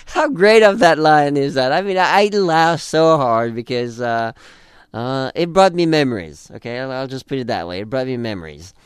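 Man, casual co-host chat, smooth voice, dry close sound, animated. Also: medium pitch, moderate pace, dry recording. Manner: animated, acts out quoted lines in different voices. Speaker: podcast co-host discussing a TV episode.

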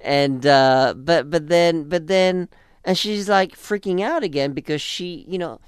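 Man, casual co-host chat, smooth voice, dry close sound, animated. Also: fairly high pitch, a little slow, no echo. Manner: animated, acts out quoted lines in different voices. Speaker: podcast co-host discussing a TV episode.

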